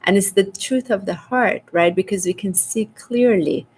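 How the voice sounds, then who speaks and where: A middle-aged woman hosting a casual spiritual livestream, reading viewers' comments aloud and talking with animated exasperation. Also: moderate pace, slightly rough. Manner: animated, rises in pitch when exasperated. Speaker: spiritual host reading live chat.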